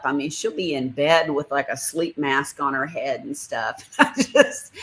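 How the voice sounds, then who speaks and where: Low-voiced woman hosting a live chat. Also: fairly bright tone. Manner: reads out viewer comments, chatty and laughing. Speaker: livestream host.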